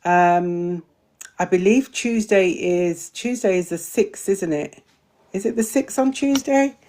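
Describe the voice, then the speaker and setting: A woman's voice: mid-range voice, takes it slowly, a little mellow. A woman hosting a live online community chat, answering viewers' questions in a chatty way and tripping over long words. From Britain.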